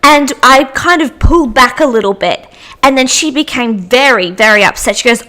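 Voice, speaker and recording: A woman's voice: fairly high pitch, expressive, moderate pace, pushed and bright. A young woman hosting a podcast, chatting through anecdotes with frequent restarts. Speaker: podcast host. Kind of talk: casual storytelling monologue.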